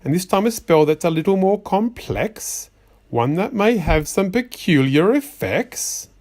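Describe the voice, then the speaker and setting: A man's voice: high voice, sing-song, unhurried, a little mellow, full character voice. A man voicing a fussy magician's white rabbit that scolds a child in rhyme, exasperated and sing-song. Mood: sarcastic. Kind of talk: rhyming storybook reading.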